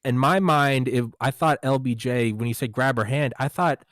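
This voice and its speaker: A man's voice: medium pitch, moderate pace, no room sound, studio quality. A man hosting a casual interview chat, telling stories and acting out quotes with a raised voice, swearing casually. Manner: animated, acts out quotes in a raised voice. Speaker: podcast host.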